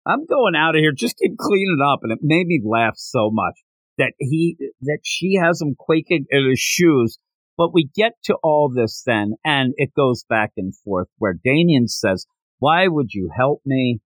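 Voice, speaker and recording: Animated man acting out manga scenes. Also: mid-range voice, no echo. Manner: animated, acts out character lines in quick voices. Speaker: podcast host. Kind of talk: casual chat recapping a manga chapter.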